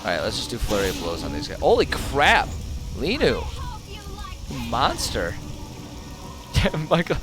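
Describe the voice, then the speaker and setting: A male streamer at home, giving sarcastic, animated commentary on a game and laughing often. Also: medium pitch, measured pace, pauses often, over music. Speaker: gaming streamer. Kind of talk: casual let's-play commentary.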